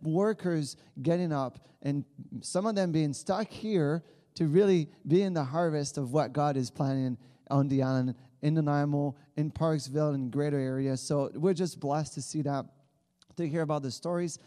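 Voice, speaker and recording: A man's voice: on the high side, normal speed, warm tone, long reverb tail. A man in his thirties from Quebec with a Quebec French accent, a native French speaker giving an earnest church talk as a campus missionary. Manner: earnest, with many restarts.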